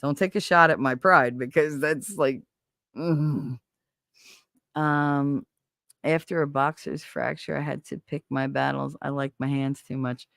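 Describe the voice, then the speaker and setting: A livestream host with a creaky, medium-pitched voice speaks a little slowly while chatting casually to a live audience. He tells stories bluntly and animatedly, swearing plenty, in a dry, studio-quality recording.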